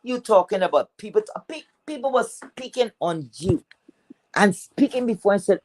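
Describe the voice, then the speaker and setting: A woman's voice: mid-range voice, animated, normal speed, darkish tone, dry recording, poor audio. A woman with a Caribbean accent ranting to her viewers in a scornful, profane way, repeating words for emphasis. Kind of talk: angry rant to viewers.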